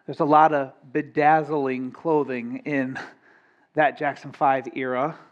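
A man preaching a sermon as pastor, animated and conversational, with asides and acted-out quotes. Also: mid-range voice, slow, highs cut off.

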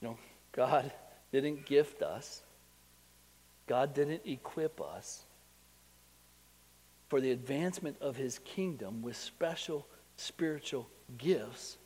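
A man preaching a sermon to his congregation. He asks them rhetorical questions and tells a personal story that builds in excitement. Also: fairly high pitch, big-room sound. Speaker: pastor.

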